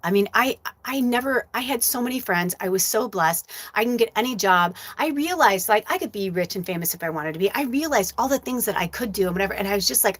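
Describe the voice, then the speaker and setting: A woman hosts her live show as a psychic medium, in an easy conversational voice pitched in the middle of her range. She tells a story candidly and energetically, with frequent swearing. The recording is dry and close, with no room echo. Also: fast, few pauses. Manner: candid, profane, animated storytelling. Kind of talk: casual livestream talk.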